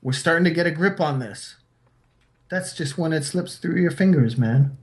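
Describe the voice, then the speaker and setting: A man's voice: a little high, normal speed. Rambling philosophical man on a podcast. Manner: rambling, philosophical, retells fables. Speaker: podcast host. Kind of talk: casual chat.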